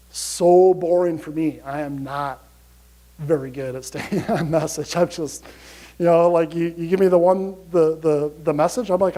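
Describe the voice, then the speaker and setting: A man giving a motivational conference talk to an audience, energetic and chatty, often asking "right?". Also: a little high, normal speed, rough recording. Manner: energetic, chatty, repeats "you gotta" and "right?". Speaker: conference speaker.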